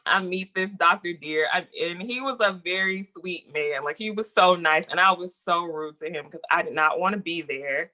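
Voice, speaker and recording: A woman guest in a casual interview, telling a story in a lively, animated way and acting out what people said. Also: lowish voice, normal speed, hardly any pauses. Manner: lively, animated storyteller who acts out quotes.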